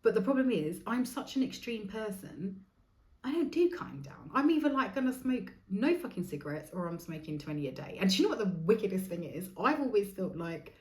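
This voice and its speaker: A woman's voice: mid-range voice, very animated, brisk, a little mellow, reverberant. A woman in her forties hosting her own podcast, talking in a rambling, frank way with plenty of swearing. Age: 40s. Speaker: podcast host. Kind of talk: candid solo podcast monologue.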